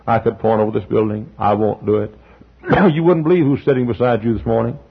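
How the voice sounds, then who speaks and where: A male pastor preaching an impassioned sermon in a church, swinging from soft to loud and breaking into hymn lines. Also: mid-range voice, fairly even intonation, fairly quick, creaky, breathy edge, dull audio. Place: church sanctuary.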